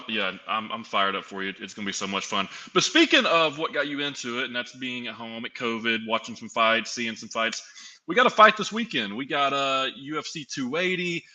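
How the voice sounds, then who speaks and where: A man's voice: mid-range voice, pushed and bright, poor audio. A man hosting a podcast, chatting casually and hyping up his guest. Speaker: podcast host.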